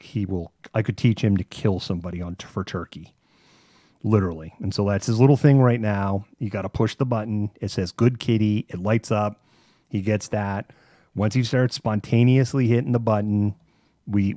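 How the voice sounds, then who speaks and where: A man with a fairly low, warm voice hosts a live stream, chatting casually and telling rambling stories packed with swearing. The sound is studio quality with no echo.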